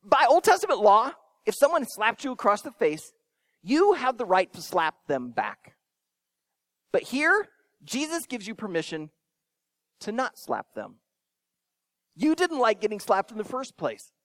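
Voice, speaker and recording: High, lively-voiced male preacher. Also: measured pace, pauses often, dry recording. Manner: expressive, swinging between emphatic and soft; addresses young listeners directly with questions. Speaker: pastor. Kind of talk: sermon.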